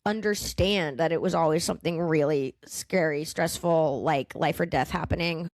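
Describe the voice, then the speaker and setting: A Boston-area stand-up comedian, a woman, chats casually as a guest on a podcast, telling animated stories packed with fillers and frequent cursing. Her voice is low and her pace moderate, recorded dry in a clean studio.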